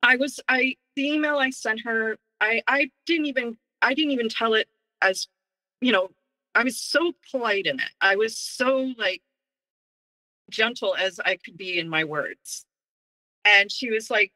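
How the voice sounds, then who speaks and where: A woman guest in an interview, telling a personal story in a lively way and acting out what others said. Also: fairly high pitch, normal speed, low-quality recording. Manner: animated, acts out quoted dialogue.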